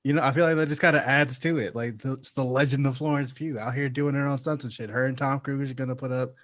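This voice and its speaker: A man's voice: mid-range voice, fairly even intonation, quick pace, fairly bright tone, no room sound. Laid-back swearing podcast guy. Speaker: podcast co-host. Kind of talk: casual chat.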